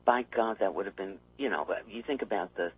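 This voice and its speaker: A man chatting on a talk radio show, wry and quick to laugh at his own remarks. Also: lowish voice, breathy edge, no room sound. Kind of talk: casual political talk radio chat. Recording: tinny phone line.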